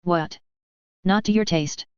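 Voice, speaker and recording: A woman's voice: lowish voice, slow, darkish tone, clean tone, no room sound. A woman voicing a cheerful, teasing male pilot in a light manner, on a dull, dry recording.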